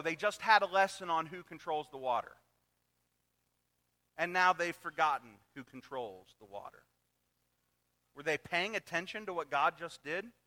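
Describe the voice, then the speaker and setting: A man preaching a sermon as pastor, animated, swinging into loud emphatic repeats and dropping to quiet asides. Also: high-pitched, in a large hall.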